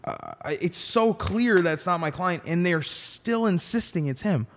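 A man who works as a defense attorney tells a story on a podcast. His fairly high voice swings widely in pitch, and he swears often for emphasis. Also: normal speed. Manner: animated, profane, emphatic.

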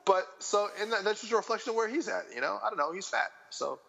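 A man in his thirties chatting casually as a podcast guest, rambling and animated, with lots of fillers and restarts. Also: sits high, quick pace, gravelly, lo-fi sound.

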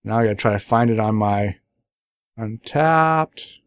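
A man's voice: lowish voice, measured pace, dry recording, studio quality. Enthusiastic rambling middle-aged man. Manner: rambling, enthusiastic, many fillers and restarts. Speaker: beer podcast host. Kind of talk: casual beer review chat.

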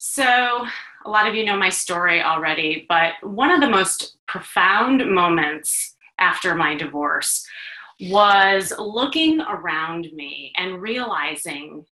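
A middle-aged woman from the Chicago area hosts a podcast and tells a personal story in a lively, animated way, laughing now and then. Her voice is bright and clear. The room around her sounds echoey. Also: fairly low pitch, slow. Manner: animated, laughs while telling stories. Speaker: podcast host. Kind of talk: storytelling monologue. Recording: roomy echo.

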